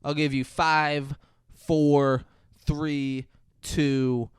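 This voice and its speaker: A man's voice: fairly high pitch, very slow, clear, resonant tone, dry recording. A man co-hosting a podcast, retelling a film scene by scene in casual chat, acting out lines and swearing. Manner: animated, acts out scenes, swears. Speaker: podcast co-host. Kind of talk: casual movie recap chat.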